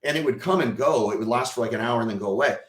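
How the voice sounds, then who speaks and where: A man, a podcast guest, telling a personal story with emotion and acting out the dialogue, swinging from hushed to loud. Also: mid-range voice, racing, roomy sound. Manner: vivid storyteller who acts out quoted dialogue.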